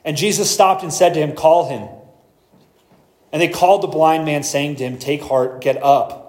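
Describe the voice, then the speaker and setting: Man preaching in an echoey church. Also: fairly high pitch. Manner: explains scripture verse by verse, reads passages aloud slowly. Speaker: pastor. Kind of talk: expository sermon.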